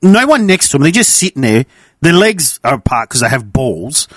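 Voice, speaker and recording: A man's voice: mid-range voice, very animated, normal speed, fairly bright tone, dry recording, studio quality. A man throwing in teasing jokes during casual podcast banter. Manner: jokey, teasing interjections. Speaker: podcast panelist.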